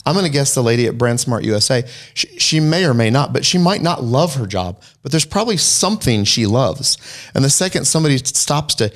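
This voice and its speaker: A man with an ordinary mid-pitched voice chats on a faith podcast. He speaks earnestly, quotes scripture and slips in light jokes. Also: animated, a little fast, fairly bright tone. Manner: earnest, preachy, quotes scripture, joking asides. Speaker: podcast co-host. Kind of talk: casual faith podcast chat.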